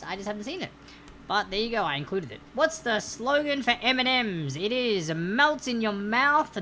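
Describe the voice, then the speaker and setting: Aussie lady running stream trivia, bright crisp voice, chatty, bit of faint hiss behind. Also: lowish voice. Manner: upbeat, chatty, greets viewers while reading answers. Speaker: trivia host. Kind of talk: live-stream trivia hosting.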